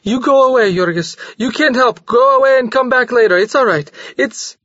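Audiobook, male narrator doing a panicked young woman: high, strained, breathless pleading, dry and slightly dull recording. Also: animated, unhurried, sharp tone, dry recording, full character voice. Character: frantic young woman, haggard and frightened.

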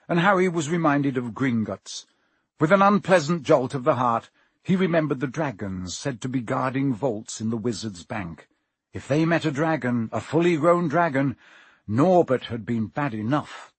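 A man narrating an audiobook with expressive, dramatic pacing. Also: mid-range voice, normal speed, slightly rough, no echo. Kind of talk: audiobook reading.

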